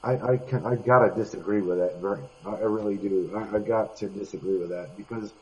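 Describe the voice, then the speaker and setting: A man pushes back over voice chat, exasperated and forever cutting in. His low, dark voice sounds husky, and the audio is dull and lo-fi. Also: fairly even intonation, brisk. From United States. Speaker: voice chat participant. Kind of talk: heated online debate. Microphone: computer mic in voice chat.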